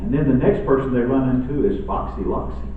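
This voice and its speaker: A man preaching a sermon in a church, swinging between loud outbursts and hushed lines. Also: medium pitch, a little fast, a little hiss or hum. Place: church sanctuary. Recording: echoey, phone-like distant church audio.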